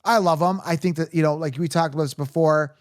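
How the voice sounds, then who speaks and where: A man hosting a casual sports podcast, energetic and hype-driven, laughing often. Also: on the high side, fast talker, no room sound, studio quality. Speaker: podcast host.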